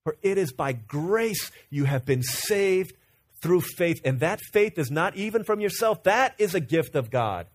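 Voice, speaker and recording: Animated man preaching a sermon. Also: high-pitched, a little slow. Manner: animated storytelling with rhetorical questions and quoted dialogue. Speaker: pastor.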